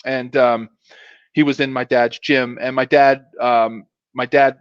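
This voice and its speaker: A middle-aged man, a former pro football player, telling stories in a casual, animated way and putting on voices for quotes. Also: mid-range voice, a little slow, smooth, no echo, lo-fi sound. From Pennsylvania. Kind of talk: casual storytelling.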